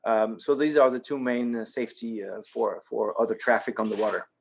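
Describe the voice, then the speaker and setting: A man's voice: fairly low pitch, steady tone, brisk, vocal fry, lo-fi sound, a little hiss or hum. A man from France with a French accent, a guest speaker answering audience questions in a practical, step-by-step way. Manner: practical, explains step by step with frequent ums and restarts. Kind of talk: presentation with audience Q&A. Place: yacht club meeting room.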